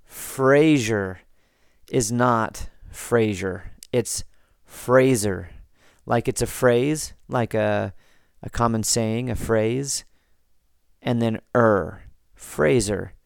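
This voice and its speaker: An American man hosting a podcast, reading listener comments and chatting in a relaxed, rambling way with frequent restarts. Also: medium pitch, takes it slowly, vocal fry, clean tone, no room sound, studio quality. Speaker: podcast host.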